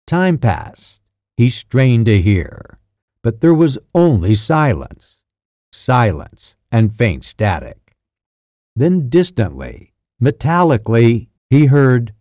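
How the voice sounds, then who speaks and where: A man reading a science fiction audiobook in steady, measured scripted narration. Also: mid-range voice, dry recording, studio quality.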